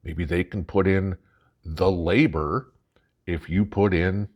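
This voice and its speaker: A man's voice: low voice, steady tone, slow pace, dull audio. An older man from Chicago with a Chicago accent, hosting a prepping channel in a folksy, chatty monologue that keeps checking in with the viewer. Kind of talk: casual talking-head monologue.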